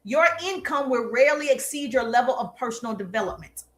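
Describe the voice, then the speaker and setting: A woman's voice: a little high, lively intonation, brisk. A woman marketing coach giving an emphatic, playfully sarcastic motivational lesson. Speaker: social media marketing coach. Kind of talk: live motivational teaching talk.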